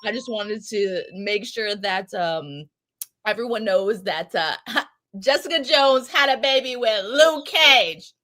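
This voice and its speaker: A woman chatting casually as a podcast co-host, excitable and profane, telling it with lots of energy. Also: mid-range voice, slow. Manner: excitable, profane, animated storytelling. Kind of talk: casual chat.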